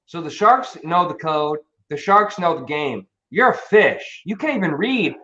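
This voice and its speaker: Excitable, swearing man on a stream. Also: on the high side, unhurried. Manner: animated, profane and emphatic. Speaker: crypto stream host. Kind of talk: casual live-stream chat. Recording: dull lo-fi stream audio.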